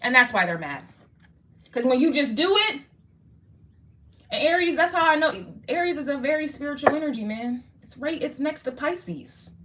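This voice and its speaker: A woman's voice: high-pitched, expressive, moderate pace, bright, forceful tone. A woman giving a casual tarot reading, slangy and swearing, talking straight to the viewer. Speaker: tarot reader.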